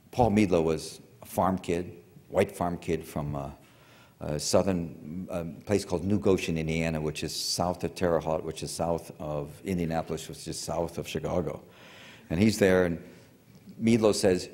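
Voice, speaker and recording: In a large lecture hall with reverberant acoustics, an older man with a deep, slightly mellow voice tells a story during a public lecture. His telling is rambling and digressive, full of fillers and restarts.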